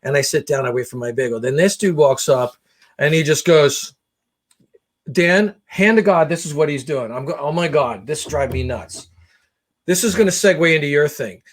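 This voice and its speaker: A man spinning a comic rant in a slightly high voice. He sounds exasperated and swears freely, with lively, animated delivery. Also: normal speed. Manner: animated, profane, exasperated ranting with voiced impressions. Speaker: podcast co-host. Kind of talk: comedic storytelling rant.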